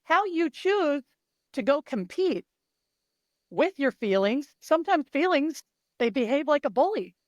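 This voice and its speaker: A woman's voice: sits high, big pitch swings, measured pace, dry recording. A middle-aged woman coach talking in a casual interview, emphatic and blunt, swearing freely. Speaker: mental performance coach.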